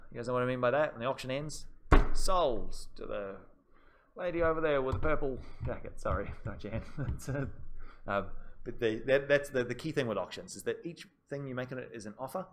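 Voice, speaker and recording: A man's voice: fairly low pitch, slight background noise. A man giving a live business law seminar in a casual, conversational way, talking straight to his students and repeating the key points. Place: classroom.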